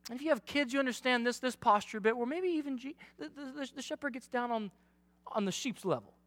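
A young man, a youth pastor, preaching a sermon with energetic, joking, self-deprecating humor. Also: extremely high pitch, quick pace, dry recording.

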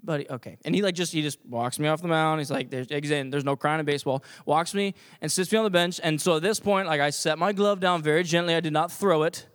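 A man telling a personal story to an audience in an animated, self-deprecating way, full of fillers and restarts. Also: a little high, fast, few pauses. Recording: long hall reverb.

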